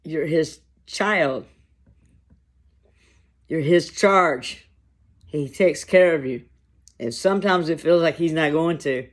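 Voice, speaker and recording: A man vlogging to camera over lunch, talking in a slow, reflective, halting way with long pauses. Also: fairly high pitch. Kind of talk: casual talk to camera while eating lunch.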